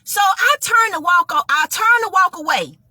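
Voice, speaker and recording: A woman's voice: very high voice, moderate pace, no room sound. A woman telling a personal testimony story to listeners, acting out both sides of the conversation. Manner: animated, addresses listeners as y'all.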